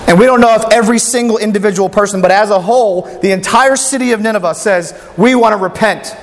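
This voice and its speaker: A man's voice: high-pitched, quick pace, long reverb tail. A man preaching a sermon who reads scripture aloud and asks his listeners rhetorical questions.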